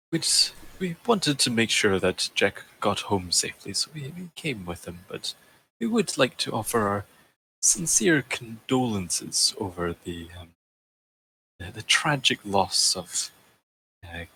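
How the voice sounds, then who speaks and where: Slow, hesitant player with a bright voice. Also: male voice, on the low side, big pitch swings, a little hiss or hum, low-quality recording. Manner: hesitant, halting, many fillers and restarts. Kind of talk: playing a character in a tabletop game.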